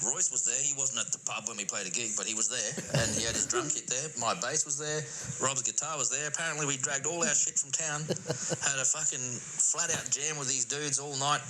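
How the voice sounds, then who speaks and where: A man's voice: medium pitch, steady tone, brisk, crowd noise, low-quality recording. A man with an Australian accent telling a rambling, crude party story in a recorded voice message. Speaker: caller sending in a story. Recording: clear background noise.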